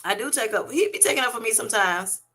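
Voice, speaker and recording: A middle-aged woman hosts a casual livestream from home, chatting with viewers and laughing often. Her voice sits a bit high and sounds bright and forceful. She keeps up a lively banter as she reads out comments. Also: quick pace. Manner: animated, laughing often, reading chat comments aloud. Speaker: livestream host. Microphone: webcam or streaming setup.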